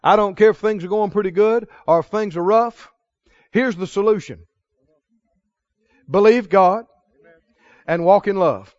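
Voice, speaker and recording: A man with a very high voice preaches a sermon, asking his listeners questions and drilling answers back to them. The sound is dry and a little muffled. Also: measured pace, pauses often, darkish tone, no room sound. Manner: preaching with call-and-response questions to the congregation. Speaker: pastor.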